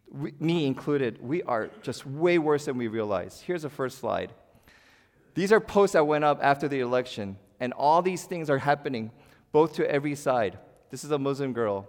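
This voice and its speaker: A man's voice: medium pitch, lively intonation, moderate pace. Man preaching in a reverberant church. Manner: dramatic swings between loud emphasis and hushed quiet. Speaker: pastor. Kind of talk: sermon.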